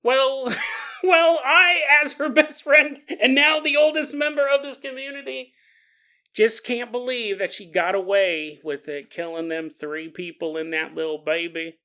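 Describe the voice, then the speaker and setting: A man voicing a gossipy eighty-two-year-old woman who talks in a slow, folksy drawl full of exclamations. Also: very high voice, fairly even intonation, bright, forceful tone, clean tone, pitched above the performer's own voice, exaggerated voice. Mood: fretful.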